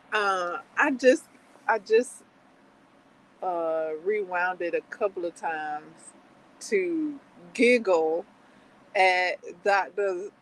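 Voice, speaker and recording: Slow-talking, giggly woman streamer. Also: medium pitch, poor audio. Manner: giggly, chatty, rambling with many fillers. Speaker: livestream host. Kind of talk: casual chat.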